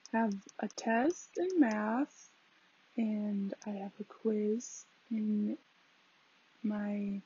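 Young woman rambling on her podcast, kinda higher voice, creaky, dull lo-fi phone mic. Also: mellow. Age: young adult. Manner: chatty, lots of fillers, laughs at herself. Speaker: podcast host. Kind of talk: casual rambling monologue. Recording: dull lo-fi home recording.

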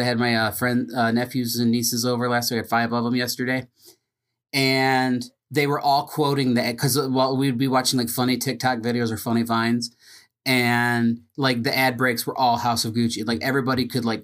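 A man's voice: medium pitch, fairly bright tone. Laid-back man chatting about movies. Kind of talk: casual movie chat.

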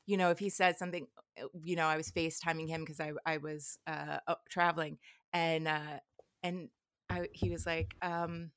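Woman, 30s, casual podcast chat, animated storyteller, bright tone, dry close sound. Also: sits low, normal speed, smooth, no room sound. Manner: animated storyteller who acts out her child's lines. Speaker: podcast guest.

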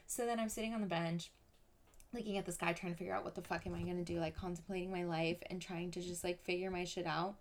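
Young female podcast host, lowish voice, animated and sweary, filler-heavy. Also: quick pace, slight background noise. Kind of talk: casual storytelling.

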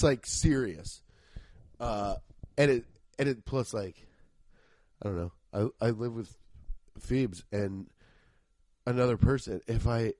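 A man in his thirties rambles through a comedic podcast monologue, cursing freely and getting worked up. His voice is stuffy and sniffly from allergies, and sits at an ordinary middle pitch. The sound is dry and close, with no room around it. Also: no room sound. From Cincinnati, Ohio. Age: 30s. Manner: rambling, profane, excitable. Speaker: podcast host.

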